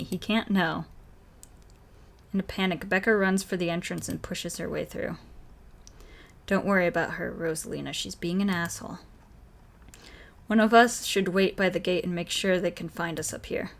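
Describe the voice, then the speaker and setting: A woman streamer reading a horror visual novel aloud, voicing every character in her own voice and reacting between lines. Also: on the low side.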